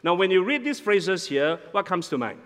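A man preaching as the senior pastor of a church, animated, often repeating words and asking "all right?" as he goes. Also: high-pitched, normal speed. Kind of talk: sermon. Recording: long reverb of a large hall.

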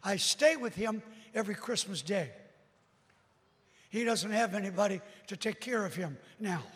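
A man preaching a sermon as a dramatic storyteller who breaks into sudden shouts. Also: high-pitched, lively intonation, moderate pace, husky, in a large hall.

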